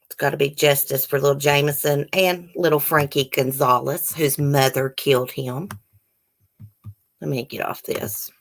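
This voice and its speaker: The channel's host, a woman with a low voice, reads articles aloud live at normal speed with fairly even intonation. She often digresses into angry, indignant commentary and casual, wandering conversation with her live audience.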